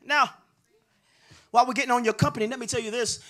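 Preacher guy w a really high bright voice, sing-song sermon, faint music behind. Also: steady tone, fast. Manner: preaching with sing-song cadence, building to shouts; call-and-response with the congregation. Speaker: pastor.

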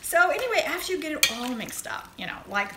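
A very noisy, echoey recording captures a middle-aged Southern US woman hosting a casual livestream chat. Her high voice runs fast and sing-song as she chats and greets viewers by name.

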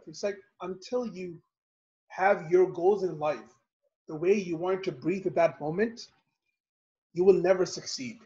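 A man leads an online study circle, telling stories and asking rhetorical questions in an animated way. His voice sits high and the call audio is dull and lo-fi. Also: unhurried, long pauses. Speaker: halaqa speaker and host. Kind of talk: religious lesson over video call. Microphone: video call.

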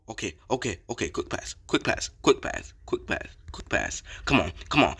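A young man giving casual commentary over his football video game, slangy and excitable, repeating chants and getting hyped on big plays. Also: lowish voice, moderate pace, few pauses, breathy edge. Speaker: gaming YouTuber. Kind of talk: gameplay commentary.

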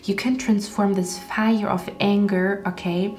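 A woman's voice: medium pitch, steady tone, unhurried, darkish tone, faint music behind. A woman giving an intuitive tarot reading to her viewers, earnest and repetitive, often checking in with "okay?". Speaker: tarot card reader.

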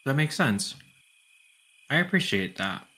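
Man with a very bright, sharp voice. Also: mid-range voice, very animated, breathy edge, low-quality recording. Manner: joking, rambling, halting. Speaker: streamer guest. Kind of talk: casual stream chat.

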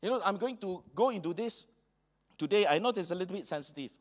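A man's voice: sits high, expressive, fast. A man with a Singaporean English accent preaching a sermon in a church hall, slipping colloquial local phrases into his talk. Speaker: pastor.

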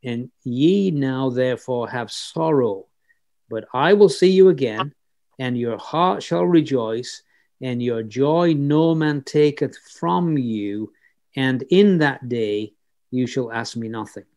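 A man's voice: medium pitch, slow pace, a little mellow. A man teaching a Bible passage verse by verse, reading scripture aloud and explaining it in a conversational way with fillers and restarts.

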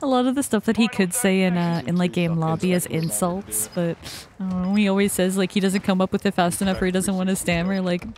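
Excitable, foul-mouthed young woman streamer. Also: on the low side, brisk. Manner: excitable, swears a lot, laughs often. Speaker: game streamer. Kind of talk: casual gaming stream chat. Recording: noisy background hiss.

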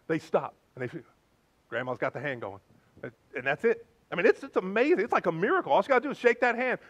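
A male pastor preaching a sermon in an animated, conversational way with playful asides. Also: high-pitched.

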